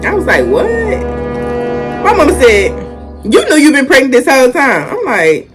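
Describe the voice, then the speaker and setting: A woman's voice: sits high, huge pitch swings, normal speed, music in the background. A young woman, telling a casual storytime and animatedly acting out the quotes. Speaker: vlogger.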